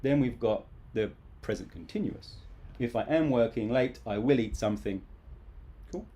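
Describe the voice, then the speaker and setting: A man's voice: mid-range voice, lively intonation, moderate pace, dark tone. A man teaching English grammar in a casual, playful live online class.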